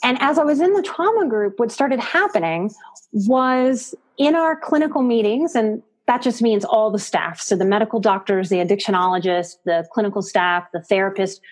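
A woman, a psychotherapist and life coach, is a guest on a podcast in a conversational interview. Her mid-range voice is animated and moves at a normal speed, and she talks expressively and emphatically, repeating words for stress. The audio is from a podcast.

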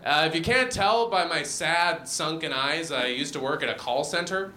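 A young man performing a stand-up comedy set with a deadpan, self-deprecating delivery. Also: a little high, moderate pace. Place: comedy venue with audience. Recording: roomy venue sound.

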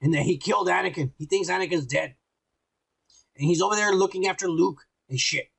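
A man's voice: sits high, brisk, creaky, fairly bright tone, slightly rough. A man co-hosting a podcast in casual, profane chat, rambling and teasing with lots of filler. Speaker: podcast co-host.

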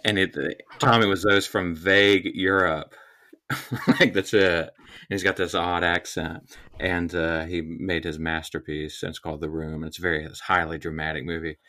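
Deep-voiced wry Appalachian man. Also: little pitch movement, moderate pace, sharp tone. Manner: wry, dry humor. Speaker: podcast guest. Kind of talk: casual chat.

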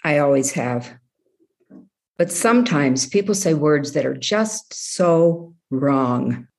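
A middle-aged woman with a very low voice tells a personal story. She speaks plainly and reflectively, with dry asides. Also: lively intonation, slow, creaky, a little mellow. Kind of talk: personal story told to an audience.

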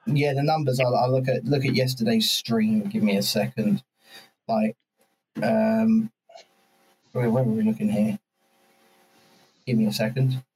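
A man hosting a podcast, chatting about politics in an animated way, swearing and restarting his sentences. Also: mid-range voice, measured pace, long pauses, a little hiss or hum, poor audio. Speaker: podcast host. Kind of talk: casual political chat.

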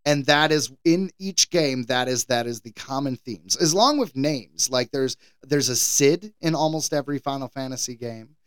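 A man's voice: medium pitch, moderate pace, hardly any pauses, smooth, dry recording. An American man co-hosting a podcast, chatting casually with wry, playful banter. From United States. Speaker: podcast co-host.

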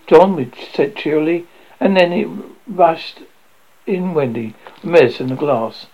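A man reading a children's classic aloud, lively and prone to stumbles. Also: on the high side, measured pace. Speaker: reader. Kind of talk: storybook reading. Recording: dull lo-fi recording.

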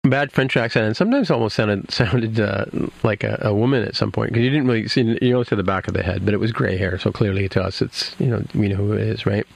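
A man's voice: on the low side, fast talker, vocal fry, hardly any pauses, no echo. A man casually recapping an episode for his podcast co-hosts, rambling with many fillers and restarts. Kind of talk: casual chat.

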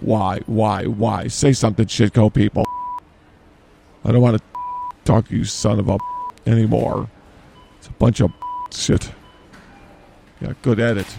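A man co-hosting an improvised comedy podcast in a grocery store, rambling deadpan and trailing off mid-sentence. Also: on the low side, a little slow, gravelly, pauses often, slight background noise. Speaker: podcast co-host.

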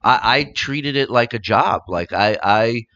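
A male stand-up comedian, a podcast guest, telling an animated, profane anecdote. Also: mid-range voice, unhurried, lo-fi sound. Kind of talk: casual storytelling.

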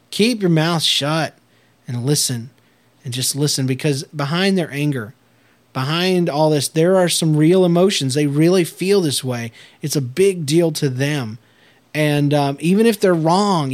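A man, a children's ministry pastor, giving emphatic, emotional podcast advice with folksy fillers. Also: a little high. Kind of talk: casual podcast talk.

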